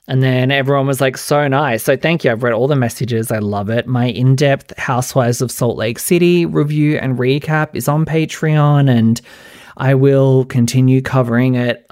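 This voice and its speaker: A man's voice: mid-range voice, dry recording, studio quality. A man hosting a podcast, chatting casually and sarcastically about reality TV with a constant stream of "like". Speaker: podcast host. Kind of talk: casual solo pop-culture commentary.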